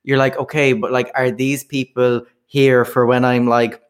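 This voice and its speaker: A man's voice: mid-range voice, little pitch movement, moderate pace, clean tone. A man chatting casually on a podcast, telling stories in a laid-back, rambling way. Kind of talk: casual chat.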